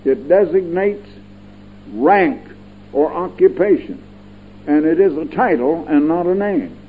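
Older male radio preacher, fairly high-pitched, folksy and digressive, emphatic repeats; tinny lo-fi broadcast sound. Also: expressive, takes it slowly, slight background noise. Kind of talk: radio Bible-teaching sermon.

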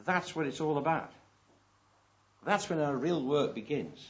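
A man preaching a sermon. He reads scripture slowly and with emphasis and asks the congregation rhetorical questions. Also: a little high, animated. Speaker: pastor. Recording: dull lo-fi recording.

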